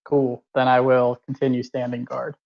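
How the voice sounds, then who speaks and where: Flat-voiced male player on a dull mic. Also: mid-range voice, moderate pace, gravelly. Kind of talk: casual tabletop play.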